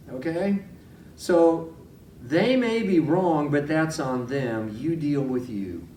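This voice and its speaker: A man's voice: medium pitch, animated, unhurried, a little mellow, recorded from a distance, a little hiss or hum. A male chaplain giving a sermon-style teaching talk, folksy, telling stories and putting direct questions to his listeners. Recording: roomy echo, voice from off-mic.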